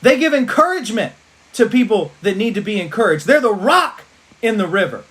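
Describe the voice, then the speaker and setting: A man giving an energetic motivational pep talk to his team on a livestream, repeating rallying lines like a preacher. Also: high-pitched, a little fast.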